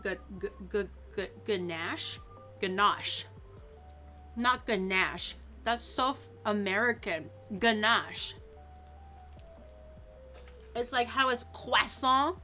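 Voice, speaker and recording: Bright, teasing woman streamer. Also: mid-range voice. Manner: playful, teasing, drags out words to mock pronunciations. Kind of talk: casual cooking stream chat.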